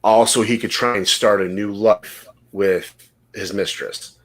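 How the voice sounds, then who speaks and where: Low-voiced man rambling on a podcast. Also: fairly even intonation, unhurried. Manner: rambling storyteller, swears freely. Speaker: podcast host. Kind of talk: casual podcast chat.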